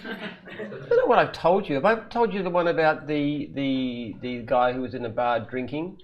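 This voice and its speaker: A man's voice: a little high, moderate pace, muffled recording. Man telling jokes in a Q&A. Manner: animated joke-telling with frequent laughs. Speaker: company founder answering questions. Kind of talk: casual live Q&A chat.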